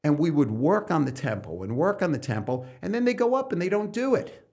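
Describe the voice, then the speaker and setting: A middle-aged man from New York City, a stand-up comedian and coach, talking loosely as a podcast guest and breaking into loud comic bits mid-thought. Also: fairly high pitch, sing-song, brisk. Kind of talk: loose conversational interview talk.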